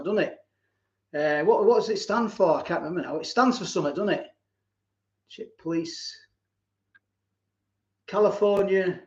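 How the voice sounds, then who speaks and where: Hosting a casual live stream, a man reads viewer comments aloud and laughs often while reminiscing. His voice sits high and is a little mellow. The audio is roomy and slightly dull, typical of a live stream.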